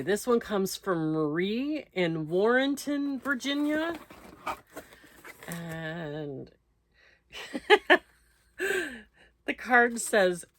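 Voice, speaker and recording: An American woman who hosts a crochet channel chats casually as she opens her mail, reading out notes and thanking the senders. Her voice is medium-pitched, and the background is noisy.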